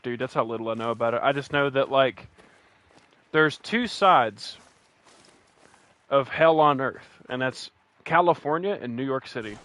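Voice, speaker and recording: A man's voice: medium pitch, fairly bright tone, clear, resonant tone. A man from West Virginia with a West Virginian accent, giving rambling, joking commentary while he streams a hunting game. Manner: rambling, joking, many restarts. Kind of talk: casual gameplay commentary.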